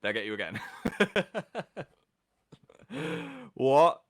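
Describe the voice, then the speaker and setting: A man's voice: mid-range voice, big pitch swings, drawn-out words, a bit bright. A man hosting a casual livestream, chatting playfully and reading out viewers' comments with a jokey, self-mocking manner. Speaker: livestream host.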